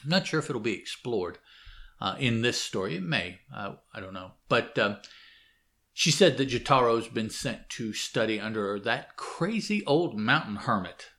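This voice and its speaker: A man's voice: mid-range voice, expressive, moderate pace, pushed and bright. A man reads a comic book aloud and chats about it in a mid-range voice. He talks casually, hesitates a lot and often stops to correct himself. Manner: hesitant, many fillers and self-corrections. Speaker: comic book reader and commentator. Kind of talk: casual read-aloud with commentary.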